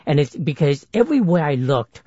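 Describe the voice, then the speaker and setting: A middle-aged man with a higher-sounding voice, telling stories as a guest in an interview, hesitant with many restarts. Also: big pitch swings, a little fast, dark tone, breathy edge, dry recording, muffled recording. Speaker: guest, actor and author. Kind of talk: interview storytelling.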